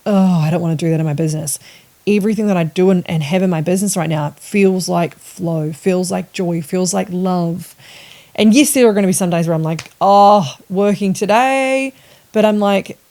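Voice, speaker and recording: A woman in her thirties, a business coach and mother, talking in a casual, animated and sweary podcast monologue, repeating words for emphasis. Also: on the low side.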